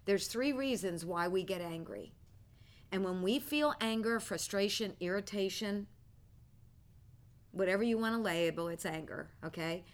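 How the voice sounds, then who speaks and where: An older woman teaching a prophetic training class, telling a personal story and acting out her old thoughts with bursts of loud feeling. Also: mid-range voice, normal speed. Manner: animated storyteller, acts out her own past thoughts loudly. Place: classroom with students.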